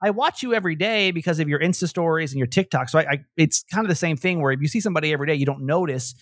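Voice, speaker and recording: Man, podcast host, casual chat, self-mocking, quick talker, slightly high voice, dry close sound. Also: no room sound.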